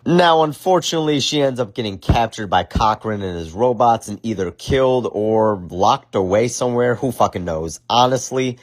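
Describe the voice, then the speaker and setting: Host: a low-voiced man reviewing films, crude and jokey. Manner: crude, joking, swears a lot. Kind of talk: casual profane film commentary.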